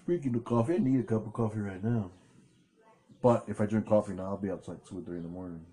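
A man co-hosting a casual chat show, with a mellow, warm tone. He rambles playfully and teases his co-host. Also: on the low side, quick pace, breathy edge. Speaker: podcast co-host.

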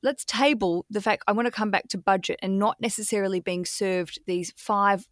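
A chatty woman hosting a casual podcast, spinning stories and swearing with ease. Her voice sits at an ordinary middle pitch. The sound is close and dry, with no room in it. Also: moderate pace, no room sound. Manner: chatty storyteller, swears casually, acts out quotes. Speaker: podcast host. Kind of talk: casual chat.

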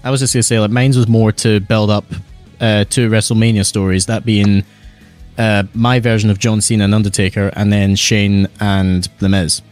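A man co-hosting a podcast, chatting casually in an even delivery. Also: fairly low pitch, normal speed, faint music behind. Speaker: podcast co-host.

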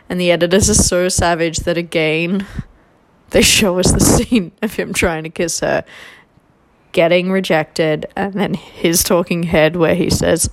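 A young woman with a fairly low voice talks through a reality show recap in loose, casual chat. She is gossipy and chatty, with exasperated asides. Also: fairly even intonation, unhurried.

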